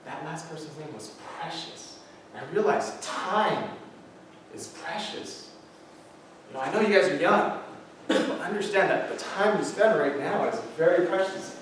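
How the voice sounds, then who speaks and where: A man in his thirties, a motivational speaker, tells a personal story to high school students in an earnest way. He uses dramatic pauses, and his voice often sinks low and quiet. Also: lively intonation. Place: large school hall. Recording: echoey hall, distant mic, faint hiss.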